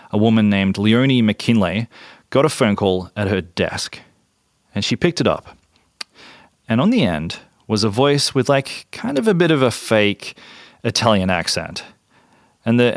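Australian male podcast host, low voice, dry close mic, chatty narration with ums. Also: no room sound. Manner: conversational with fillers and restarts. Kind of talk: casual storytelling narration.

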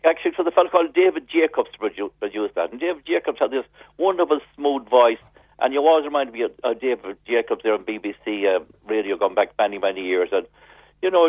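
Fast-talking man on a phone line. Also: medium pitch, breathy edge, no echo. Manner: rambling, repeats words often. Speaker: caller. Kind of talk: casual chat.

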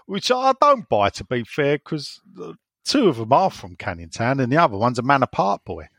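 A man's voice: medium pitch, big pitch swings, moderate pace, vocal fry, a bit bright, no room sound, studio quality. A man hosting a casual football podcast, chatting in a rambling, opinionated way and reading out listener messages.

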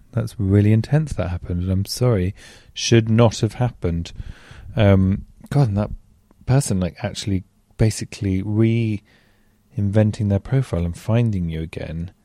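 A man hosts a podcast in a relaxed, earnest way, leaning on fillers as he talks. His voice is low-set and mellow. The sound is close and dry. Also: no room sound. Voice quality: chatty, earnest, uses many fillers. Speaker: podcast host. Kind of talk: casual chat. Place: at home in bed.

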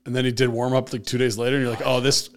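A man co-hosting a sports podcast, dropping quick wry asides in casual chat. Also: medium pitch, little pitch movement. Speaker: podcast co-host.

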